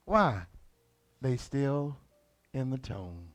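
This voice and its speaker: A man preaching a sermon as lead pastor, colloquial and animated. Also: medium pitch, moderate pace, gravelly. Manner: animated, colloquial, acts out characters.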